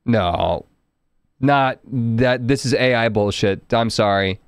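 A man's voice: medium pitch, slow pace, smooth, no room sound, studio quality. A man from Arkansas streaming a card game, chatting to his viewers in a wry, profane way. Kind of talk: casual live-stream game commentary.

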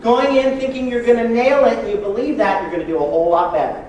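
Lively preacher man in an echoey hall. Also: very high-pitched, fast talker, recorded from a distance, a little hiss or hum. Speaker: pastor. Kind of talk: sermon.

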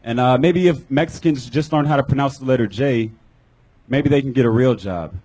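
A man with a husky, slightly rough voice fumbles through a live stand-up minute on a club stage mic. He talks in a halting way and keeps restarting. He apologizes for botching the punchline. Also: medium pitch, darkish tone, poor audio. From Georgia, USA. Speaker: open-mic comedian. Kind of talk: live stand-up set and panel feedback.

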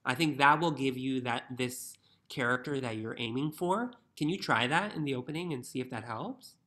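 A man's voice: medium pitch, normal speed, bright, forceful tone. A young man teaching violin in an online masterclass, encouraging and singing phrases on nonsense syllables over a video call.

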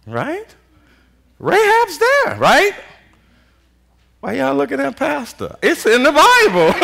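A man preaching a sermon as pastor, in animated call-and-response style with constant "Amen" and casual vernacular with "y'all". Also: extremely high pitch, takes it slowly, vocal fry, pauses often. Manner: Southern US Black vernacular speech, "y'all".

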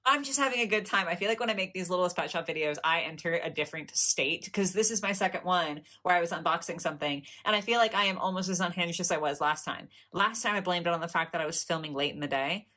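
A young American woman talks through an unboxing in a chatty, giggly way. Her voice sits a little low in pitch but sounds bright and clear. She gushes over each piece in a casual vlog manner. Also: quick pace, few pauses. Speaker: doll collector vlogger.

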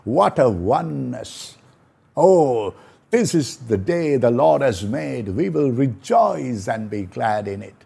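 A man preaching a slow, prayerful sermon, repeating phrases for emphasis. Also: medium pitch, big pitch swings, creaky, dark tone, slightly rough. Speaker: pastor.

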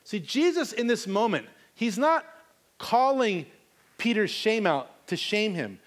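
A man's voice: high voice, big pitch swings, slow pace. A man preaching a sermon, reading scripture and then retelling it in casual, conversational modern speech.

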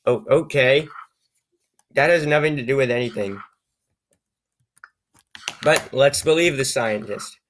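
A man reading an odd, computer-written story aloud, with low-key, wry remarks on the text and frequent stumbles over words. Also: a little slow, pauses often. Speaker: YouTuber reading AI-generated stories. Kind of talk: comedic reading with asides.

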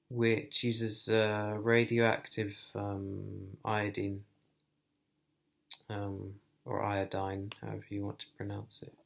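A man talking to camera in a personal vlog, thoughtful and hesitant, thinking aloud with many pauses. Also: on the low side, vocal fry. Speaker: vlogger.

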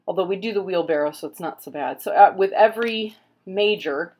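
A middle-aged woman with a fairly low voice talks casually at home as she flips through pages. She rambles, pauses on fillers and keeps a relaxed, chatty flow. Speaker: tarot reader and vlogger. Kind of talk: casual book flip-through. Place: home room with pets.

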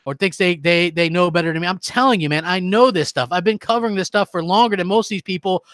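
Casting note: male gaming streamer, bright tense tone, heated rant, dry close sound. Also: sits high, fast talker, no room sound. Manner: heated, ranting, reads out viewer comments. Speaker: gaming channel host.

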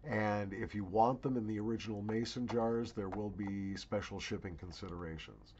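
A man's voice: fairly low pitch, moderate pace, darkish tone, highs cut off, slight background noise. A middle-aged man hosting his own channel from his basement, announcing a giveaway in a chatty, wry way with emphatic asides. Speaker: channel host. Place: home basement.

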